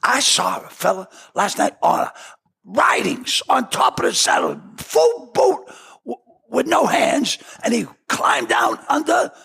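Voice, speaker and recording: A man voicing an older male film actor who excitedly describes a stunt he saw. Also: high-pitched, unhurried, gravelly, slightly rough, voice pushed up, heavily acted.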